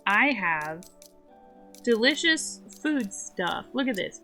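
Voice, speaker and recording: A woman chats as she plays through a game stream. She talks at an easy, unhurried pace and wanders from one topic to the next, rambling cheerfully. Light game music plays softly in the background. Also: a little high, big pitch swings. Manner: playful, rambling, chatty. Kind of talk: casual gameplay chat.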